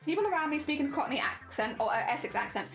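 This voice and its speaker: A woman from Hampshire, England, with a standard British accent chats casually on a stream while working on a craft, rambling and restarting her sentences. Her voice is high and expressive, her pace quick, with soft music in the background.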